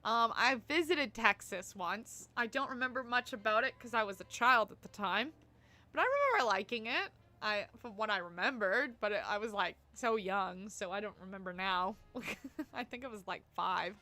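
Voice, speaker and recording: A woman's voice: medium pitch, lively intonation, moderate pace, bright, forceful tone. A young woman streaming a life-sim game, chatting to her viewers in a rambling, laugh-filled way. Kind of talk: casual live-stream chat.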